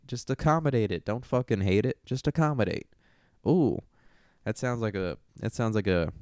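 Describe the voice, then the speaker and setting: A man's voice: low-pitched, a little mellow, clean tone, no echo, studio quality. A young man hosting a casual sports monologue, brash and profane, joking as he runs through results. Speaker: host.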